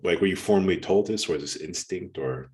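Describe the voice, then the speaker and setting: A man's voice: sits low, brisk, a little mellow. A man hosting an interview, giving brief affirmations and asking polite questions. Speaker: interviewer host.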